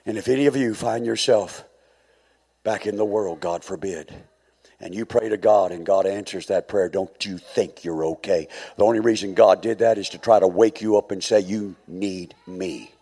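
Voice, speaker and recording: A man preaching a sermon as pastor, swinging from quiet, low passages to high, shouted calls. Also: normal speed, creaky, breathy edge.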